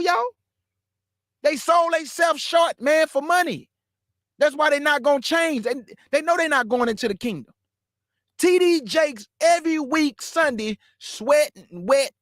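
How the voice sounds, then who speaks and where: Brief: man, very high voice, fiery mocking preacher, dry close sound. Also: no echo. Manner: blunt, mocking, scolding the listener directly; bursts into shouts. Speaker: preacher and show host. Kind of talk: fiery street-style preaching rant.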